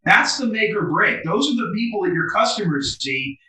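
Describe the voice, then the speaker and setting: A man's voice: sits high, lively intonation, normal speed, sharp tone. A man being interviewed as a business coach over a video call, talking emphatically and animatedly. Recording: roomy, distant video call audio.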